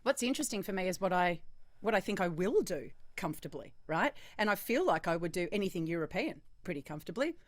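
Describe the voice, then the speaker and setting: Aussie lady podcaster, low voice, earnest and emphatic, dry close sound. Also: sing-song, fast, no echo. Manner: earnest, emphatic, thinks aloud. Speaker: podcast co-host, voice actor. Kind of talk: casual discussion.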